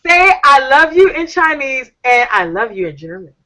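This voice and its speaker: A woman's voice: high-pitched, big pitch swings, moderate pace, bright, forceful tone, poor audio. A woman co-hosting a video call interview, asking chatty, teasing questions and playing to her viewers. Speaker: talk show co-host.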